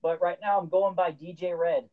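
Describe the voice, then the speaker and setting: A man's voice: high voice, steady tone, normal speed, narrow, tinny audio, crowd noise. A man co-hosting a casual podcast chat, laid-back with short replies. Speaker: podcast co-host.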